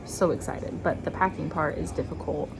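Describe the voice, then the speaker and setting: A young adult woman and stay-at-home mom, chatting casually while driving and thinking out loud with lots of filler words. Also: low-pitched, normal speed, vocal fry, music in the background. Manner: rambling, talks through her thoughts with many "like"s. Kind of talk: casual chat.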